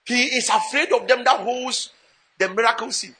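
Bright high-voiced man preaching. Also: moderate pace. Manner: switches between English and Twi, dramatic swings in pitch and volume. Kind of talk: sermon with interpreter.

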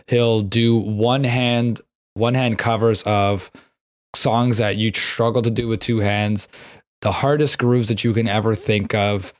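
A man's voice: lowish voice, no echo, studio quality. A man co-hosting a casual podcast, gushing with emphatic praise. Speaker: podcast co-host. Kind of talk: casual chat.

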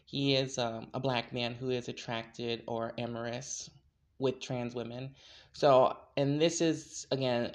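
A woman hosting a podcast, chatting casually and introducing her guest with lots of fillers. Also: extremely low pitch. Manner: chatty, warm-hearted, filler-heavy. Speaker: podcast host.

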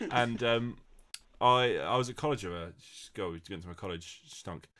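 A man's voice: mid-range voice, a bit bright, a little hiss or hum. A man co-hosting a comedy podcast, dry and sweary with mock apologies. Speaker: podcast co-host and quiz contestant. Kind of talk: casual comedic podcast chat.

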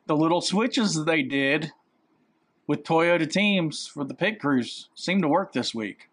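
A man's voice: fairly high pitch, animated, measured pace, fairly bright tone. A man with a Southern US accent co-hosting a podcast, chatting casually with a teasing, jokey manner. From American South. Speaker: podcast co-host. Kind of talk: casual chat.

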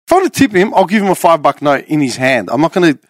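A man's voice: a little high, sing-song, fast, no room sound, studio quality. A man, joking and swearing in casual podcast banter.

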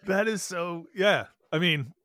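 Podcast host, dry close voice. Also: male voice, sits high, slow, fairly bright tone, no echo. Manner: friendly, affirming, stop-start questions. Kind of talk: casual podcast interview.

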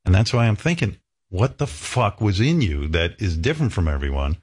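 A man's voice: fairly low pitch, sing-song, normal speed, darkish tone, slightly rough. A man in his sixties, a radio host, talking candidly and emotionally, rambling with many restarts. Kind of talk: candid talk-show conversation.

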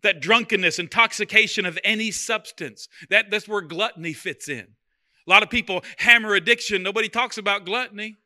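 Bright, high-voiced preaching man. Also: fairly quick. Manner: conversational preaching with humor, repeats phrases. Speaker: pastor. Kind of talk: sermon.

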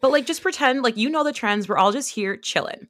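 A woman's voice: a little high, animated, a bit bright, dry recording, studio quality. A young American woman co-hosting a podcast, chatting casually and gushing with lots of "like" asides. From United States. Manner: gushing, filler-heavy, quick asides. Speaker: podcast co-host. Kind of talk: casual chat.

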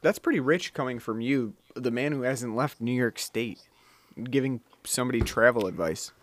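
Rambling podcast host, dry close sound. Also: male voice, mid-range voice, normal speed, no echo. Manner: rambling, with many fillers and restarts. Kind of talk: casual chat. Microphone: close microphone.

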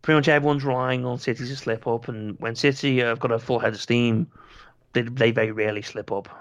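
A man's voice: medium pitch, fairly even intonation, a little fast, dry recording. A man co-hosting a football podcast, chatting casually in a sarcastic, ranting way and often repeating words as he starts a sentence. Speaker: podcast co-host. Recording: slightly dull lo-fi mic.

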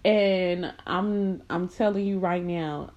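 A young adult woman tells a personal story in a casual, slangy, blunt way, laughing between lines and switching to high mocking voices to quote people. She speaks at a slow pace with a darkish tone. The highs are cut off, with a little hiss or hum.

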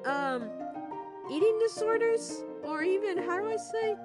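A woman's voice: very high-pitched, expressive, unhurried, over loud music, voice pushed up. A woman voicing a curious girl friend who keeps asking prying questions.

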